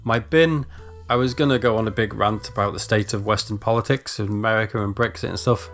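A man's voice: fairly low pitch, steady tone, fairly quick, a bit bright, faint music behind. Laid-back man, dry humor. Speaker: podcast co-host. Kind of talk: casual chat.

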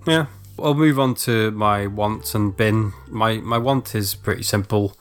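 A man chatting on a podcast in a relaxed, dry way, with a lowish voice. He laughs easily between points. Faint music plays behind him. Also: a little slow, smooth. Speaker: podcast co-host. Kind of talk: casual chat.

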